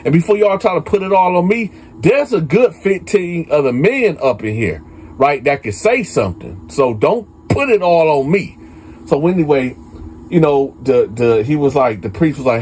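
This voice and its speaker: On his prison story channel, a male storyteller chats conversationally with his audience, addressing them as y'all and leaning on plenty of fillers. His voice is a little high and a little mellow, with big pitch swings at a normal speed, and there's a little hiss or hum.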